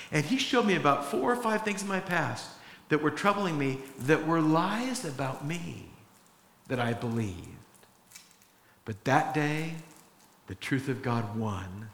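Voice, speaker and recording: A man's voice: a little high, animated, measured pace, fairly bright tone. Earnest preaching man in a reverberant hall. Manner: earnest, conversational preaching with acted-out quotes. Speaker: pastor. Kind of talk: sermon.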